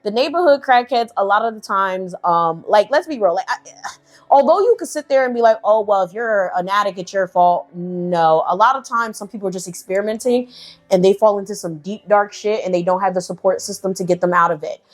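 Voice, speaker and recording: A woman's voice: mid-range voice, brisk. A young woman telling a casual storytime, candid and profane, full of "like" and "right". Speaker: storytelling vlogger.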